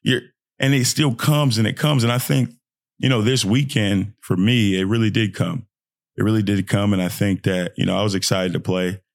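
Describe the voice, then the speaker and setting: A young man, a pro basketball player, talking casually and motivationally about mindset, breaking into high-pitched joking voices. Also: normal speed, creaky, no room sound, studio quality. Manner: animated, swings into high joking voices and trash talk.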